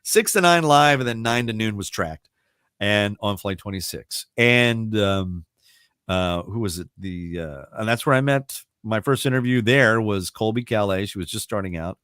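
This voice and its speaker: A man from the Baltimore area, a radio broadcaster telling stories in a casual interview, chatty and quick to laugh. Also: lowish voice, expressive, a bit bright, clean tone, dry recording, studio quality. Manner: chatty storyteller, laughs often, many restarts.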